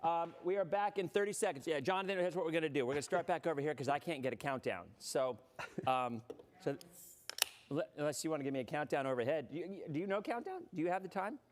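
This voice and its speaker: A man's voice: fairly high pitch, lively intonation, quick pace. Chatty man hosting a live show. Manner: chatty, laughing, loose. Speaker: weather show host. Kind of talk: casual live-stream chat.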